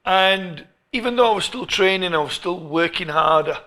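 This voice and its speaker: A middle-aged English man, a football coach being interviewed, who tells stories in an animated way and often restarts his phrases. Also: sits high, normal speed. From England. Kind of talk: storytelling interview.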